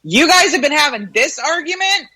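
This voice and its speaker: Woman radio host, high voice, bright tone, ranting, blunt, swears. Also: animated, normal speed, low-quality recording. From United States. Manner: opinionated, ranting, swears freely. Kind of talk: casual radio chat.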